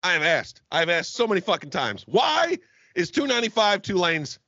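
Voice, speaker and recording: A man with a high, gravelly, breathy voice rants on a comedy podcast, swearing freely and shouting in bursts. His tone is sharp and bright, and his pitch swings widely. The sound is dry and a little muffled. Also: very animated, normal speed, no echo. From Florida. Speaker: podcast co-host. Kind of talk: comedic rant.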